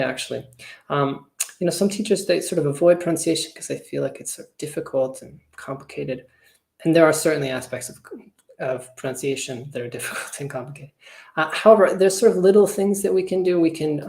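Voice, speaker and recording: A man who trains teachers, giving an online webinar presentation in a relaxed, conversational way with a lot of hedging. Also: a little high. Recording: roomy echo.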